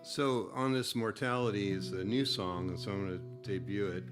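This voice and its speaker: A man from Long Island, a singer-songwriter at an open mic, giving soft, halting stage patter between songs with many ums. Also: on the low side, steady tone. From Long Island, New York. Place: small performance room. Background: guitar playing.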